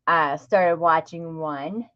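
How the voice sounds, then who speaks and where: A woman's voice: deep voice, takes it slowly, muffled recording. A middle-aged woman hosting a craft livestream, chatting casually and greeting viewers by name. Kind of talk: casual live-stream chat.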